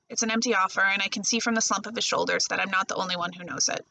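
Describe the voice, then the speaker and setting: A woman librarian reads a first-person novel chapter aloud, keeping a steady storytelling flow. Her voice has a gravelly texture with a bright, forward edge. Faint noise sits under the reading. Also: medium pitch, racing, rough recording. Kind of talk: audiobook-style novel reading.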